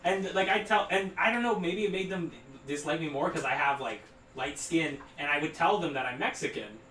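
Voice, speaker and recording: Young man, rambling casual storytelling, slightly high voice, roomy echo, sits back from the mic, faint hiss. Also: fairly quick, bright, forceful tone, far from the mic. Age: 20s. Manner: rambling, filler-heavy, laughs through his story. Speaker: podcast co-host.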